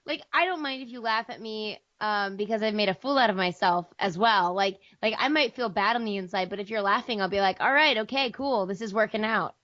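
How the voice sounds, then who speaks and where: Slightly raspy American woman chatting. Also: medium pitch, a little fast, hardly any pauses, fairly bright tone, no room sound. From United States. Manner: chatty and rambling, with lots of fillers and self-deprecating laughs. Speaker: guest actor and improviser. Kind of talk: casual interview chat. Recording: dull lo-fi sound.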